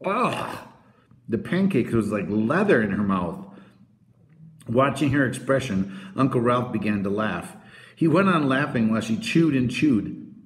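A man narrates a children's novel with expressive storytelling. His pitch is lively and varied, and the recording has a noticeable roomy echo. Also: measured pace. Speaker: audiobook narrator.

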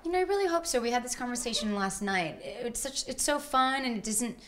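A woman's voice: fairly high pitch, lively intonation, fairly quick, a bit bright, slight background noise. A woman, an actress guest, chatting casually in an interview and telling stories with giggles.

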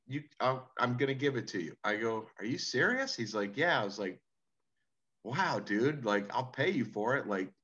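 A man's voice: on the low side, fairly bright tone, muffled recording. A man who is a musician, guest on a podcast, telling laid-back anecdotes and quoting what people said. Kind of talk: casual interview storytelling.

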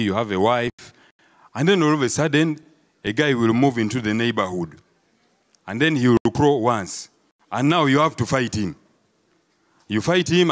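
A man with a Ugandan English accent performs a live stand-up comedy set. He tells his stories with animated energy, plays the voices of onlookers, and keeps checking in with the audience. His voice sits at an ordinary middle pitch for a man. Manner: animated storytelling, acts out crowd voices, peppered with "eh?".

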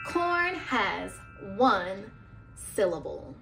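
A woman's voice: high voice, big pitch swings, music in the background. A woman teaching young children, drawing out her words and prompting them to repeat and answer. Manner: slow, drawn-out teacher talk with prompts for kids. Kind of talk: children's lesson.

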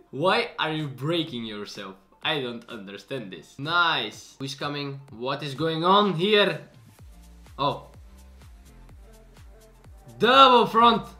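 A man, hosting and commenting on clips in a reaction video, excitable and quick to exclaim and laugh. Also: a little high. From Bulgaria. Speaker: host.

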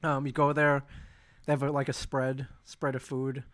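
A man's voice: mid-range voice, flat delivery, normal speed, a bit bright. A man co-hosting a podcast in casual chat, joking, teasing and rambling. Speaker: podcast co-host.

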